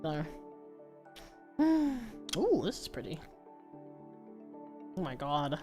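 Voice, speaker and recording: A woman with a low voice rambling casually to her viewers during a livestream, with fillers and laughs. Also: sing-song, drawn-out words, darkish tone, faint music behind. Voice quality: low-pitched voice.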